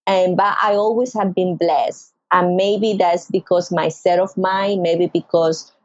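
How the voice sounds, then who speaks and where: In a dry, muffled recording, a middle-aged Venezuelan woman talks a little slowly in a Venezuelan Spanish accent. She is a podcast guest telling an emotional story from her own life, expressively performing quoted voices with dramatic pitch jumps.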